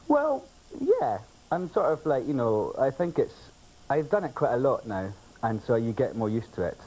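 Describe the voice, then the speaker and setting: A man's voice: medium pitch, very animated, moderate pace, darkish tone, low-quality recording. A man guesting on a talk show, telling cheeky anecdotes with lots of giggling. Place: television studio.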